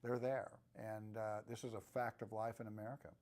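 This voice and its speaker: A man in his sixties, an actor, answering interview questions in a relaxed, reflective way with frequent restarts. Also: on the low side, fairly quick. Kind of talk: press junket interview.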